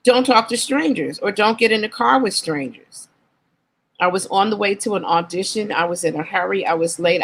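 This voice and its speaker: A woman guest on an interview show, candidly recounting her life in an earnest, reflective way and slowing down on painful memories. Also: on the low side, a bit bright, husky, low-quality recording. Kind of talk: candid personal storytelling.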